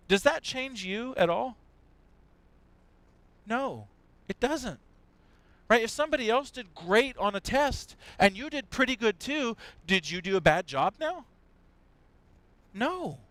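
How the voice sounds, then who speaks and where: A man giving a children's sermon in church, telling a story in an animated way and asking the children questions. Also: high voice, no echo, rough recording. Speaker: pastor.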